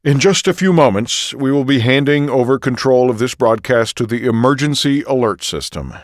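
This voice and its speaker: A solemn male news anchor, played by a man in an audio drama, delivering a measured, formal broadcast. His voice sits at an ordinary middle pitch. The sound is close and dry, with no room around it. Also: lively intonation, no room sound, lightly acted.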